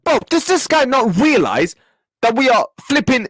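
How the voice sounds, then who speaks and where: A man's voice: very high-pitched, sing-song, normal speed, fairly bright tone, no echo, clean studio sound. Angry young man ranting. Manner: angry, repetitive, swearing, talks back to chat. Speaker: football reaction streamer. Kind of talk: live match reaction rant.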